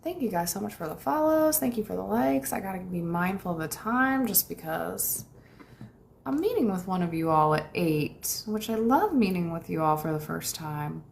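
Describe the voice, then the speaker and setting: A young American woman, a manifestation coach, chats casually on a livestream, reading viewer comments and thanking people warmly with light laughs. Her voice is fairly low and expressive, with vocal fry, at a moderate pace. There's slight background noise.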